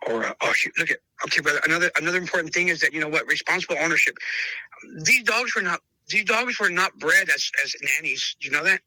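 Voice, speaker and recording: Emphatic man with a bright, sharp voice. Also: fairly high pitch, expressive, fast talker, no room sound, low-quality recording. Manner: emphatic, acts out both sides of past conversations, keeps calling the listener brother. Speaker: dog breeder. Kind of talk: casual interview storytelling.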